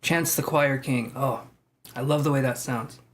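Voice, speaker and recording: In a mid-range voice with a steady tone, a man hosts a live tarot stream without hurrying. He keeps the chat casual, cracks jokes, laughs often and reads out comments from viewers.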